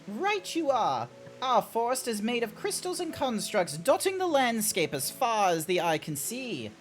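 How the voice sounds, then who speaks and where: A man's voice: extremely high pitch, big pitch swings, soft background music, pitched above the performer's own voice, heavily acted. A man voicing a fussy, genteel male game character in a put-on posh British nanny voice. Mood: prim, genteel. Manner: plummy, drawn-out, overly polite delivery.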